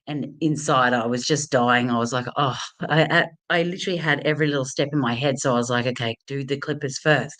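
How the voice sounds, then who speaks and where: A woman's voice: very deep voice, steady tone, fast, fairly bright tone. A woman hosting a casual live talk, telling a personal story with many fillers, restarts and laughs. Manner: chatty, lots of fillers and restarts, laughs often. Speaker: host of a confidence talk.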